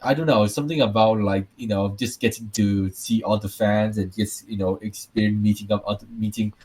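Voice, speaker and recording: A man's voice: lowish voice, fairly even intonation, a little fast, a little mellow. A man from Taiwan with a Taiwanese accent, co-hosting a casual podcast and telling rambling stories with repeated words and restarts. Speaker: podcast co-host.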